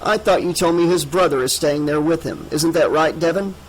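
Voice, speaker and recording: A man's voice: on the high side, fairly quick, a little hiss or hum, natural voice, poor audio. A man voicing a protective middle-aged father with a stiff, polite manner, in an audiobook. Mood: firm.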